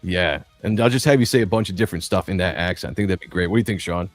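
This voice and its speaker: A man hosts a livestream in a loose, rambling, jokey way, often breaking into laughter. His voice sits fairly low and sounds dry and close. Faint music plays underneath. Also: rapid-fire, no echo. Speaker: livestream host. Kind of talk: casual livestream chat.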